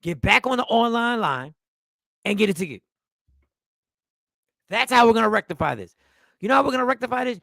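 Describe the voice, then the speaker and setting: A man rants in a mocking comedic voice, hammering the same phrases over and over. His voice sits high with a gravelly rasp. It is recorded close and dry, with no room sound. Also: fairly quick, long pauses, no echo. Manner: mocking, repetitive, animated with sudden drops to mutters. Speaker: comedian reacting to a clip. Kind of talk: comedic rant.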